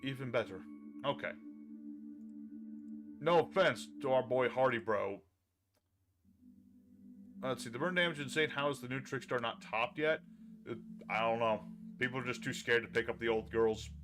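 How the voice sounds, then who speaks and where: A man's voice: medium pitch, moderate pace, pauses often, fairly bright tone, faint music behind. Chatty man streaming a card game. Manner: chatty, thinks aloud and talks to chat. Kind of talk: casual live-stream commentary while playing a card game.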